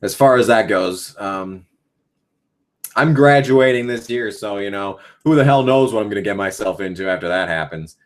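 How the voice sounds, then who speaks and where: A man's voice: on the low side, moderate pace. A young man in his late teens hosting a casual live Q&A as a gaming YouTuber. He rambles with lots of ums and swears freely.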